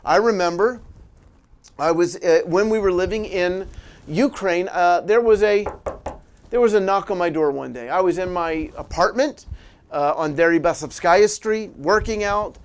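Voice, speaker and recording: A middle-aged man preaching in a sermon style, telling a personal story with animated delivery and frequent small laughs. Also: sits high, normal speed, smooth. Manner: animated storyteller, laughs often, restarts phrases.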